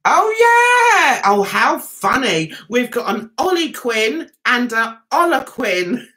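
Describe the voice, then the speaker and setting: A woman's voice: a little high, sing-song, slow, bright, forceful tone. A woman with a London Cockney accent hosting a casual livestream, chatting and reading viewer comments aloud. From England. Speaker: livestream host reviewing TV.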